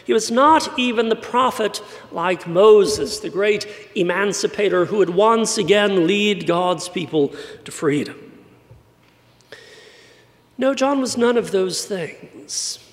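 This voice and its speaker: A man's voice: high voice, takes it slowly, pauses often. A man from San Antonio preaching a sermon in a wry, conversational way. His light voice is often mistaken for British. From San Antonio, Texas. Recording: long church reverb.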